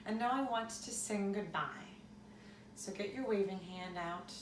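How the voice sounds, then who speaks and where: A woman's voice: mid-range voice, unhurried, reverberant, far from the mic, slight background noise. A woman hosting children's story time, encouraging the kids directly as she leads an act-out.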